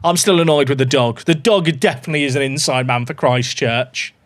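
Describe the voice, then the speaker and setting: A man live-streaming a football management game, chatting excitedly to his viewers and reacting to every goal. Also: medium pitch, fairly quick. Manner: excitable, chatty, talks to his dog and chat. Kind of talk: live gameplay commentary.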